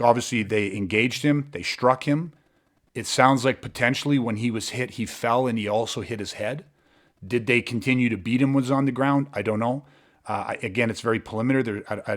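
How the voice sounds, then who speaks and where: A low-voiced man hosting a podcast monologue. He speaks with blunt intensity, swears freely and often stops to restart his sentences. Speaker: podcast host.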